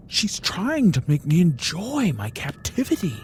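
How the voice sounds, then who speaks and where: A man's voice: fairly high pitch, huge pitch swings, measured pace, few pauses, a little hiss or hum. A man reading a story aloud in the first person, theatrically, with sudden whispered asides. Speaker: storybook reader.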